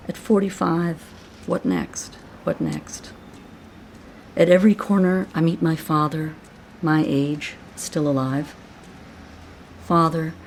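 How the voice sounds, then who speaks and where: A man giving a slow, measured poetry reading, sometimes dropping to a hush. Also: on the high side, gravelly, slight background noise.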